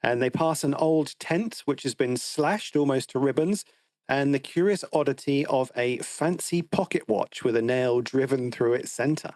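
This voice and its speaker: A man's voice: mid-range voice, normal speed, a little mellow, no echo. A man co-hosting a film podcast, recapping the plot in a wry, teasing way. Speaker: podcast co-host. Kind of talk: casual film discussion.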